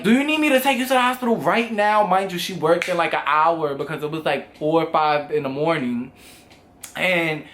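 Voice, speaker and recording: A young man telling a storytime vlog in a casual, animated way, full of swearing and acted-out quotes. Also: fairly high pitch. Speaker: vlogger.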